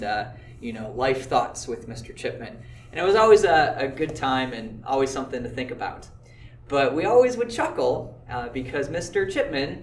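A man's voice: medium pitch, slight background noise. Man, math teacher, easygoing explanation, roomy sound, mic a bit far off. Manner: explanatory, easygoing, with filler words. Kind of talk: classroom lecture video.

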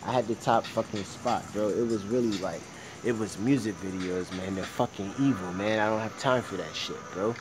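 A young man ranting profanely in a casual vlog, swinging between low mumbling and loud shouting. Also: normal speed, background noise. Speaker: vlogger.

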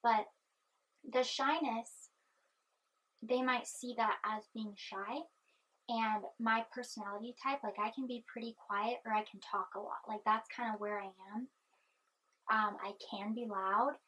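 A young woman vlogging in a soft-spoken, rambling way, chewing gum and anxious. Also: a little high, fairly even intonation, a little slow, low-quality recording. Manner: chatty, meandering, chewing gum. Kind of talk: rambling personal vlog.

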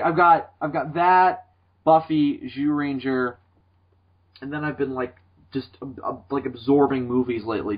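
In dull, lo-fi podcast audio, a young man hosts a casual conversation, frequently swearing and wandering off on tangents. His voice is husky and medium in pitch.

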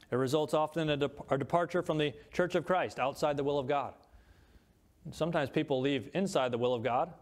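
Male pastor, mid-pitched voice, preaching from scripture with stressed lists. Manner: reads scripture aloud, stresses words in lists. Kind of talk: sermon.

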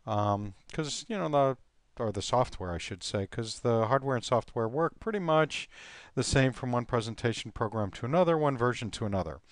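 A man teaching software on a screen recording, relaxed and thinking aloud with frequent ums and uhs. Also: mid-range voice, moderate pace, dry recording, studio quality.

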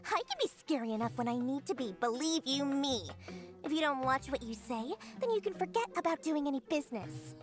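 A woman voicing a shrewd, smooth-talking female black-market merchant in a video game, with a sly, theatrical sales manner. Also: high-pitched, expressive, fairly quick, music in the background.

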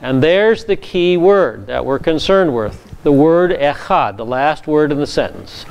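A man's voice: a little high, lively intonation, measured pace, vocal fry, a little mellow, clean tone. A man, a pastor, giving a methodical Bible teaching session from slides and repeating key words for emphasis.

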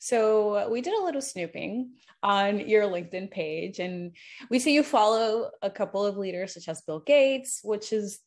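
A woman's voice: medium pitch, animated, unhurried. Brief: young female host, playful, chatty, laughs easily, mid-range voice. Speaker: podcast host. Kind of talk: casual interview chat.

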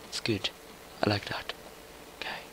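A young man giving casual, chatty commentary while playing a video game, muttering to himself and getting excitable. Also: unhurried, in a whisper, poor audio. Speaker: gaming YouTuber.

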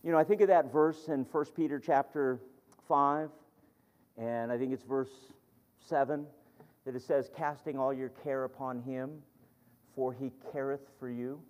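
Earnest preacher in a reverberant hall. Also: male voice, medium pitch, fairly even intonation, unhurried, darkish tone. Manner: earnest, reads scripture aloud, tells stories with rising emphasis. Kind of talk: sermon. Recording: dull lo-fi sound with long hall reverb.

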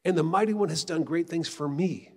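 A middle-aged man speaks to a retreat audience, his voice on the higher side for a man. He tells his stories in a loose, conversational and animated way. The sound carries a long reverb from a big hall. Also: brisk. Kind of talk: conference talk with storytelling.

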